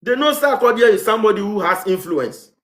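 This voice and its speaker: A man's voice: sits high, lively intonation, a little fast, a bit bright, roomy sound. A man with a Ghanaian accent giving a heated vlog commentary, repeating rhetorical questions and hammering his points. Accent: Ghanaian English. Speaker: vlogger. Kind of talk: impassioned commentary monologue.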